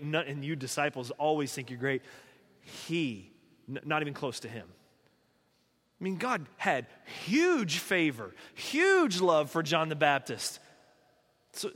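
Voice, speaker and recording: A man's voice: high voice, sharp tone, long reverb tail. A man preaching a sermon in a conversational storytelling way, casually voicing the people in his story.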